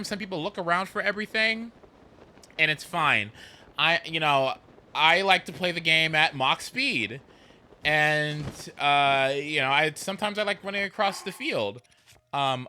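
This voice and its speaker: A man chatting casually while streaming a game, rambling and animated, with swearing and sudden whoops. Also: a little high. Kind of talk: casual gameplay chat.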